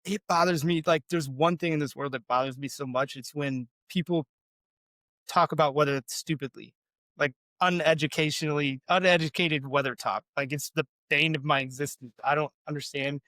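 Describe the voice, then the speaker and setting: A male podcast co-host chats casually and self-deprecatingly, rambling with many fillers and restarts. His voice is on the high side, steady and sharp, at normal speed, in a dry recording.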